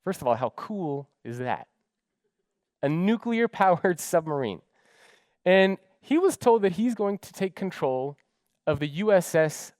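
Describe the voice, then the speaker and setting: A man's voice: on the high side, no echo. A man giving a keynote talk, telling stories with drama and acting out the dialogue. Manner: animated, dramatic storyteller who acts out dialogue. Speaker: keynote speaker.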